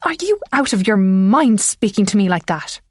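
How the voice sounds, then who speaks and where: A woman narrator voicing a sharp-tongued, scornful wealthy older widow and mother in an audiobook. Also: very animated, moderate pace, no echo, studio quality. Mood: indignant. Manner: shrill and scornful.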